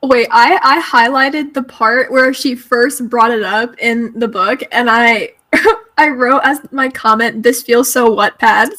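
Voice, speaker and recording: Book club woman, high bright voice, dry close sound, giggly and casual. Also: measured pace, no echo. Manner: chatty, laughs often, lots of "like".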